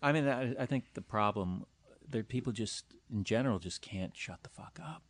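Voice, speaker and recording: A man's voice: lowish voice, lively intonation, normal speed, no room sound. A man hosting a casual chat, reacting with wry remarks and mock quotes.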